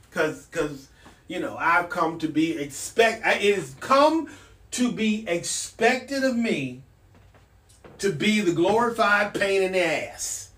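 A man's voice: very high voice, fairly bright tone, distant mic. A man hosting a casual solo podcast, talking bluntly and with a sardonic edge. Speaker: podcast host. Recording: echoey room, off mic.

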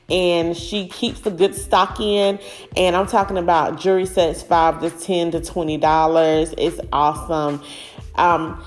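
Gushing woman podcast host, lowish voice. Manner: warm, effusive, gushing praise. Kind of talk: casual chat, family shout-outs.

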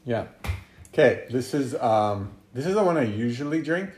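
A man's voice: mid-range voice, expressive, normal speed, a little mellow. A man co-hosting a podcast, chatting casually and thinking aloud with some hesitation as he tastes beer. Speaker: podcast co-host. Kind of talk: casual chat, beer tasting. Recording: echoey room.

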